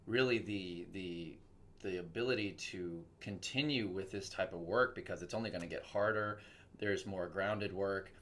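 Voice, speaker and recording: Young man, low voice, from Texas, casual interview chat, lively quoted asides. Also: normal speed. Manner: animated storytelling with quoted voices. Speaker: voice actor guest.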